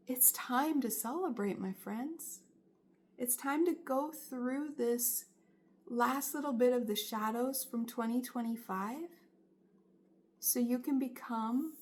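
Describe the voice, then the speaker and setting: Slow, earnest woman giving a tarot reading. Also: fairly high pitch, a little mellow. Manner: earnest, encouraging, emphatic. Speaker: tarot reader. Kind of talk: spiritual tarot reading monologue.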